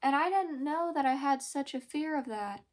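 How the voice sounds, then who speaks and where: A young woman talking hesitantly in a personal confessional vlog, pausing often and searching for words. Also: high-pitched, expressive. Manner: hesitant, halting, many pauses and fillers; emotional, soft-spoken. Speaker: vlogger.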